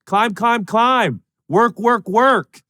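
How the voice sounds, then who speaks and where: A man's voice: extremely high pitch, extremely slow, pitched above the performer's own voice, heavily acted. A man putting on a pushy male football coach who barks short commands. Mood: hyped. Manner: shouting, clipped commands.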